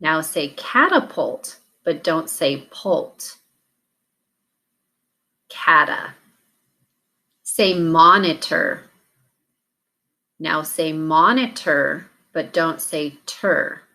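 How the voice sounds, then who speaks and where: Woman teacher for a recorded phonics drill, low voice, very slow and deliberate, pauses between prompts. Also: expressive, bright, forceful tone. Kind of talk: recorded classroom warm-up drill.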